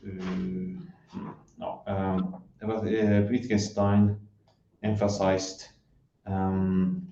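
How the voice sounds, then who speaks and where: A man in a casual academic discussion, talking hesitantly with many pauses and fillers. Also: low-pitched, flat delivery, mellow, slight background noise. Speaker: discussion partner. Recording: echoey, muffled room from a distance.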